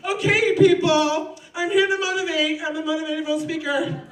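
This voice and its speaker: A woman's voice: very high-pitched, steady tone, normal speed, a bit bright, voice pushed up. A woman mimicking a smug male yoga instructor in a mocking sing-song, recorded from a distance with an audience in the room. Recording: roomy club, distant mic, audience.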